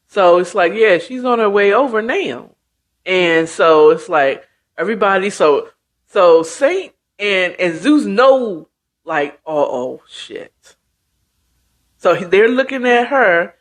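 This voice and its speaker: Brief: woman host, casual slangy story recap, unhurried delivery, pitch jumping around a lot. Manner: chatty, slangy, animated retelling with asides. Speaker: host retelling a book.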